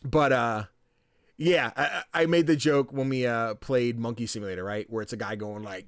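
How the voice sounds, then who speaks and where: A young man talks casually as a podcast host, loose and playful, swearing freely as he rambles. His voice sits at an ordinary middle pitch. The sound is close and dry, with no room echo. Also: steady tone, normal speed. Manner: loose and chatty, swears freely, acts out game characters. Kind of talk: casual chat about video games.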